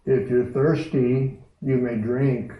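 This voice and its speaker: A huge, solemn lion, put on by a male preacher speaks in slow, plain sentences, neither proud nor sorry. The sound is dull and distant. It echoes through a large room. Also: medium pitch, fairly even intonation, natural voice. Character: vast solemn male lion, calm and unbending.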